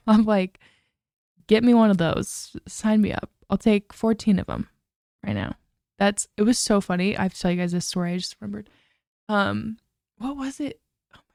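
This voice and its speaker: A woman's voice: medium pitch, darkish tone, clear, resonant tone, no echo, clean studio sound. A young woman hosting a casual solo podcast, chatty and full of "like" and "literally". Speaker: podcast host.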